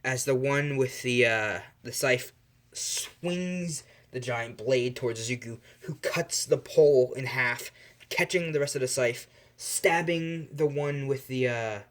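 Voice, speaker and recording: A man's voice: medium pitch, a little slow, fairly bright tone. A young man improvising a fan story aloud, rambling and correcting himself as he goes, with lots of fillers.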